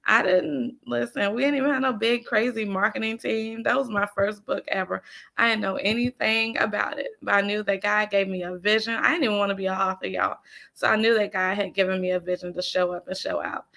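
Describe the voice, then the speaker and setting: A woman's voice: mid-range voice, steady tone, brisk, vocal fry, bright, forceful tone. A woman business coach and author giving a faith-based motivational talk, emphatic and folksy, repeating her key phrases and calling listeners "y'all" and "honey".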